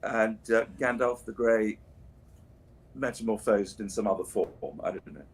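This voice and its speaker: Husky-voiced man telling rambling anecdotes. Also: lowish voice, steady tone, normal speed. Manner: rambling, anecdotal, many restarts and asides. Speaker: voice actor signing prints for fans. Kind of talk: casual livestream chat.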